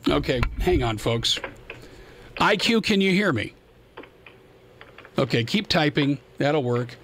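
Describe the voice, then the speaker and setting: A man's voice: on the high side, fairly bright tone. Exasperated radio host, man. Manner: exasperated, rambling, self-deprecating. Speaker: radio talk show host. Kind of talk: live call-in radio talk. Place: home radio studio. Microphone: studio microphone.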